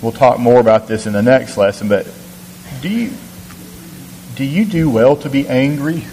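A man's voice: medium pitch, normal speed, darkish tone, long reverb tail, a little hiss or hum, low-quality recording. A man teaching a recorded Bible lesson in an earnest, questioning way, often repeating words as he thinks.

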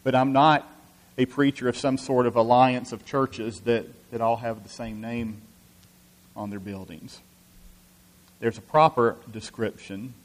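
Male preacher, sermon delivery, earnest and halting, average pitch. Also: steady tone. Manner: earnest, many restarts and "you know" fillers.

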